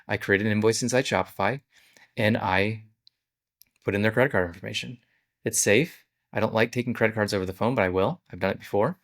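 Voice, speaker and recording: A man with a fairly low voice talks through his business plans in a relaxed vlog. He explains each step plainly and conversationally, like an owner showing how he runs things.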